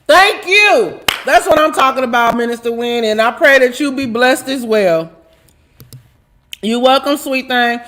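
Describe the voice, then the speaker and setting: High-pitched and unhurried, this woman's fairly bright voice carries a churchy warmth. She's hosting a live online talk show and signing off with casual chat, joking with her viewers, laughing often, and showing them plenty of affection.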